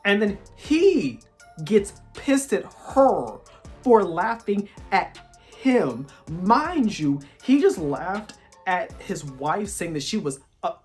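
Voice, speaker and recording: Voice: medium pitch, sing-song, slow pace, darkish tone. A TV show reviewer giving a casual, exasperated recap, talking in a ranting way and saying "like" constantly. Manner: exasperated, ranting, heavy use of "like". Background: faint background music.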